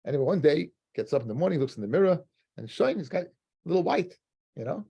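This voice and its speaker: A man teaches a Talmud lesson in a lively, conversational way, mixing in Hebrew and Yiddish terms. His voice sits a little high with a husky, breathy grain. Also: fast talker, dull audio.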